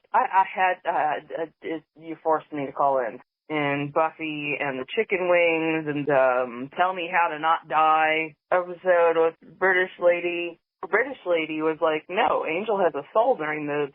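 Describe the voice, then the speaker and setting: A woman's voice: lowish voice, dry recording. A woman in her late thirties leaving long, rambling, profane voicemails for a podcast, laughing as she talks. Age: late 30s. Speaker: voicemail caller. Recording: tinny phone line.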